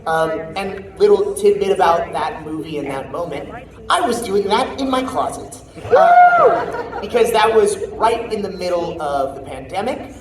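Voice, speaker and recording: A voice actor answering fan questions at a convention panel in a casual, chatty way, laughing often. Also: male voice, high-pitched, very animated, a little slow. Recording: echoey hall, distant mic, crowd noise.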